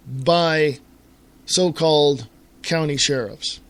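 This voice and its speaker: Middle-aged man, American, internet radio host, fairly high-pitched, ranting, exasperated, stumbles and repeats himself. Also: unhurried. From United States. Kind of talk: solo internet radio talk.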